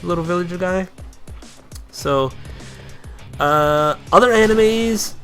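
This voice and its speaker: A young man giving loose, profane gameplay commentary, rambling along and bursting into kung-fu yells. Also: fairly high pitch, measured pace, pauses often. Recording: faint game music behind.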